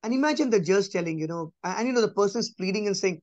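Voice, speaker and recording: A man's voice: animated, rapid-fire, few pauses, dry recording. Emphatic man teaching scripture. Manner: emphatic, repeats key phrases, drops to a soft low voice. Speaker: preacher. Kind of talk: conversational Bible teaching.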